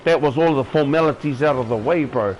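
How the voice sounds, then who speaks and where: A man's voice: medium pitch, fairly quick, lo-fi sound, a little hiss or hum. A young man with a New Zealand accent telling a story in casual chat, calling the listener "bro" all the time and acting out the voices of the people he talks about. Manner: relaxed, says "bro" constantly, acts out quoted voices.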